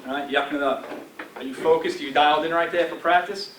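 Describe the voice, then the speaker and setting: A man in his forties speaks to a room full of players in a direct coaching voice, his tone sitting a little high for a man. He is recorded from a distance, so his voice bounces around a roomy space over a faint background hum. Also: fairly even intonation, fast, fairly bright tone. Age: 40s. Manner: direct, coaching tone with frequent "all right?" and "right?". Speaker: guest speaker addressing a football team. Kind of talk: motivational talk. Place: team meeting room. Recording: roomy echo from afar with faint ambience.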